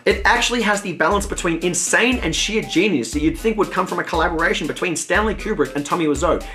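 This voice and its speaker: A man narrating a scripted film review with a wry, animated delivery. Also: high-pitched, fast talker, faint music behind.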